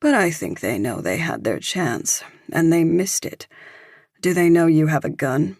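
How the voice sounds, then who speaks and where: A calm, tough mother talks bluntly and coolly, as a woman narrator reads her. The voice is low and unhurried, with a slightly breathy edge. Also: no room sound, clean studio sound, exaggerated voice. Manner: cool, blunt.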